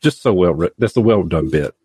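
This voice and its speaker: A man's voice: low-pitched, expressive, a little fast, darkish tone, husky, no room sound, clean studio sound. A man on a podcast giving wry casual commentary. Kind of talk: casual chat.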